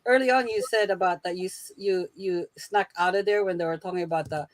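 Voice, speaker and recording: A woman guest in a casual chat, talking in a thoughtful, halting way with frequent restarts. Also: lowish voice, dry recording.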